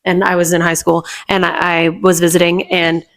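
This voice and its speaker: A woman's voice: fairly low pitch, completely flat delivery, normal speed. A young woman, a guest on a faith podcast, telling a personal story and often quoting herself and others. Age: young adult. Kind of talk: casual faith podcast chat.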